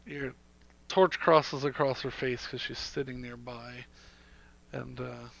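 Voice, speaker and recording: A man narrating a tabletop game as game master, halting and filling pauses with fillers and laughs. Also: medium pitch, fairly even intonation, vocal fry, slight background noise, poor audio.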